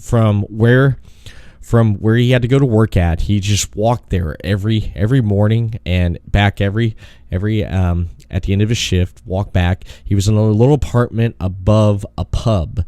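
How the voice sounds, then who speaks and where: A man's voice: lowish voice, normal speed, dark tone, no room sound, studio quality. A man hosting a podcast interview, telling long rambling stories and laughing often. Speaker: podcast host. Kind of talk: casual phone interview.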